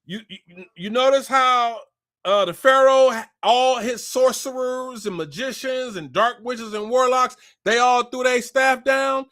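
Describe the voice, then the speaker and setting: A man retelling a scripture story in a casual, profane and animated way, acting out the people in it. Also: very high voice, unhurried, no room sound, clean studio sound. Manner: animated, profane, slangy, acts out quotes. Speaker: spiritual commentator.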